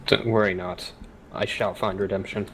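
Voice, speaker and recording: A man's voice: low-pitched, flat delivery, moderate pace, a bit bright, a little hiss or hum, poor audio. A man playing a solemn wandering monk who speaks in stiff, old-fashioned phrases. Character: solemn wandering male monk, formal speech.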